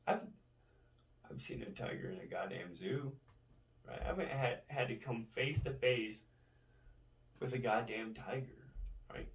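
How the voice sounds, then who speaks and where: Slow-talking man ranting, echoey and distant. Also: medium pitch, gravelly. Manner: keeps tagging lines with "right?". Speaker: vlogger. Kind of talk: profane rambling monologue. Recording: roomy, distant from the mic.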